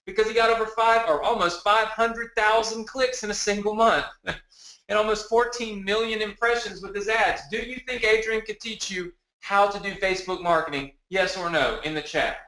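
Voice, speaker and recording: A man presenting a live sales webinar from his home, energetic and repetitive, rallying the audience with questions. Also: high-pitched, reverberant, poor audio. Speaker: webinar presenter selling a product. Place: home office.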